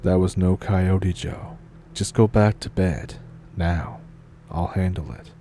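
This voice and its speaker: A man reading the lines of a grizzled, protective old grandfather in a spooky story, keeping close to his own low voice. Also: slow pace, dark tone, soft background music. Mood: stern. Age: older.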